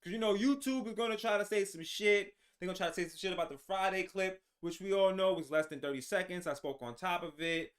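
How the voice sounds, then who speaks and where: A man's voice: high voice, fast talker, hardly any pauses. A man hosting his own show, delivering heated, profane political commentary with frequent restarts. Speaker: show host.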